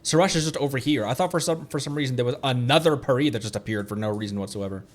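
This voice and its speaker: A man's voice: medium pitch, quick pace, slight background noise. A man streaming a video game live, rambling casually and laughing at his own slips. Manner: chatty, rambling, laughs often at himself.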